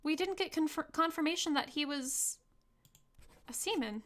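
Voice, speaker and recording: A woman's voice: sits high, moderate pace. A woman streamer giving casual, playful gameplay commentary and chatting with her viewers. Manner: playful, chatty, riffing with chat.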